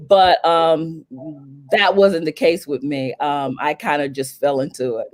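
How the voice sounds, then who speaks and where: A woman from North Carolina, a celebrity publicist telling stories as an interview guest, animated and acting out what people said in a raised voice. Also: sits low, measured pace. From North Carolina, USA. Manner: animated, acts out quotes in a raised voice. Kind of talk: storytelling in an interview.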